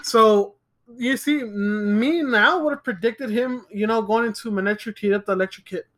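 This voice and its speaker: A man's voice: high-pitched, normal speed, fairly bright tone. A young man co-hosting a casual podcast, joking around and swearing as he remembers a match. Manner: profane, joking, laughs a lot. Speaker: podcast co-host. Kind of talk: casual chat.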